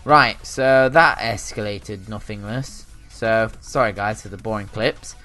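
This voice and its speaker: A young man giving live commentary over his own gameplay, jumping between loud outbursts and muttered asides. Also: lowish voice, unhurried, faint music behind. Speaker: gaming channel host.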